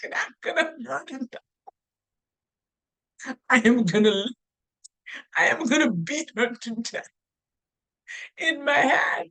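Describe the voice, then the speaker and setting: A woman's voice: a little high, very animated, a bit bright. A middle-aged woman giving a casual motivational talk, telling stories earnestly with frequent restarts. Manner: unhurried, earnest, storytelling with many restarts. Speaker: motivational speaker.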